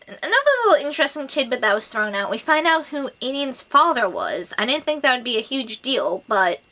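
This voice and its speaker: A woman reviewing a book in a casual vlog, gushing and excitable, full of "like" and "oh my God". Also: sits high, moderate pace. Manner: gushing, excitable, filler-heavy with lots of "like" and "oh my God".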